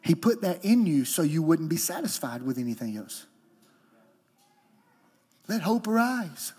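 A man who is a lead pastor, preaching a sermon in an emotional, animated way, moving from soft and low to high and loud. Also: measured pace, husky.

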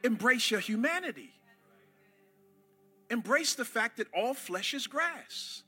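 A man preaching a sermon to a church congregation, impassioned, rising to shouts and calling on the crowd to answer. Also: very high-pitched, sing-song, takes it slowly, slightly rough, soft background music. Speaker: pastor.

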